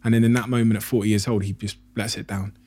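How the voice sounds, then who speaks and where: A man hosting a podcast, asking long, measured questions and retelling stories to set them up. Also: on the low side, flat delivery, darkish tone, slightly rough. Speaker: podcast host interviewer. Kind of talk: in-depth interview questions.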